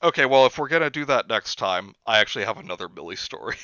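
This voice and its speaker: A man hosting a stream, telling anecdotes in a casual, animated way and acting out quotes. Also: medium pitch, fast talker, dry recording, dull audio. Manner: animated storyteller, acts out quotes. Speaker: streamer host. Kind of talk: casual storytelling chat.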